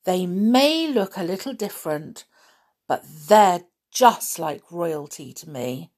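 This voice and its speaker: Sweet, lilting storybook princess, young and gentle, as a woman reader puts her on. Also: lively intonation, slow. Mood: warm. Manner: high, sweet and eager.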